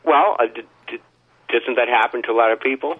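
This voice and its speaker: Male caller, halting rambler, heavy stammer and fillers, tinny phone-line sound. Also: medium pitch. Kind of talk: rambling phone call to a talk show.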